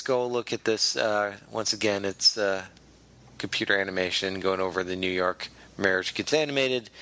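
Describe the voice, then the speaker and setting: Podcast host dude, bright punchy voice, rambles and laughs a lot. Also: male voice, lowish voice. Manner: rambling, lots of fillers and restarts, laughs often. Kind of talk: casual comedy podcast chat.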